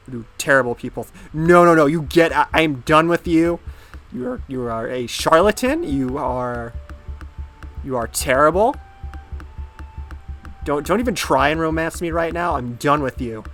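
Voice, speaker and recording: A man's voice: mid-range voice, a bit bright. A young man giving rambling, sarcastic commentary while playing through a dating game. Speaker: game let's-player. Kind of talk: casual gameplay commentary.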